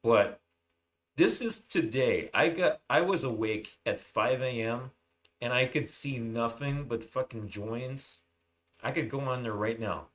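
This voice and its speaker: A man's voice: medium pitch, measured pace, a bit bright. A man hosting his channel, rambling through a casual, unscripted monologue full of swearing and fillers. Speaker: channel host.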